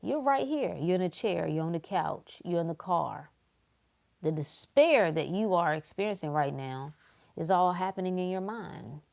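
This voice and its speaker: A woman's voice: lowish voice, lively intonation, normal speed, creaky, a little mellow. Emphatic woman preaching on a livestream. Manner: emphatic and preachy, repeating phrases. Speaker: motivational livestream host. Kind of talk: casual motivational talk to a live audience.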